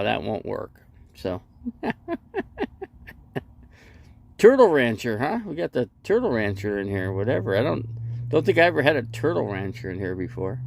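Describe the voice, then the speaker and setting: A middle-aged man hosting a casual live stream from inside his vehicle, speaking into a phone and rambling with lots of restarts. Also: mid-range voice. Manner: rambling, repeats and restarts, talkative.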